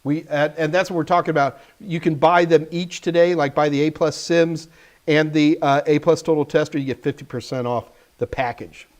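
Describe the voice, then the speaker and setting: A man's voice: a little high, fairly even intonation, normal speed. A man hosting a live stream, answering viewers' tech questions in a casual, joking way and talking straight to the chat.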